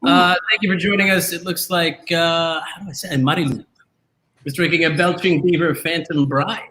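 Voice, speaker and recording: A man's voice: fairly high pitch, steady tone, normal speed, bright, forceful tone, slight background noise. A man hosting a live drinking show, joking and teasing his co-hosts with lots of energy. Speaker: podcast host. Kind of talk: live-stream casual chat. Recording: echoey room.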